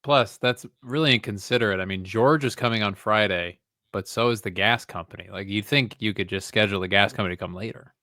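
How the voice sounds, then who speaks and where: A man's voice: on the low side, a little fast, sharp tone, no room sound, studio quality. A man co-hosting a casual movie review chat, joking and laughing often. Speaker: co-host.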